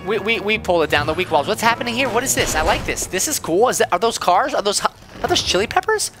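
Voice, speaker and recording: A man hosting a let's-play, joking excitably as he plays a game, with game music behind him. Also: high-pitched, quick pace. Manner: excitable, goofy, jokey. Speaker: gaming channel host.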